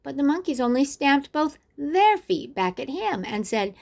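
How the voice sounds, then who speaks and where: Expressive grandmother reading a storybook aloud. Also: high voice, moderate pace, vocal fry. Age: older. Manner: expressive, asks the listener questions. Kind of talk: reading a picture book aloud to children.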